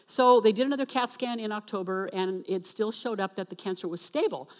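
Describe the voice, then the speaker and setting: Speaking in church as a speaker and worship leader, a woman shares her personal testimony with animated storytelling. She acts out the dialogue and slowly spells words out for emphasis, her voice sitting at a medium pitch.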